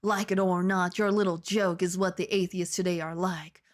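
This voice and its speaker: A woman's voice: fairly low pitch, fairly even intonation, normal speed, lightly acted. A woman doing a preachy old wizard reverend. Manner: self-righteous, preachy. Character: old male headmaster turned preachy reverend.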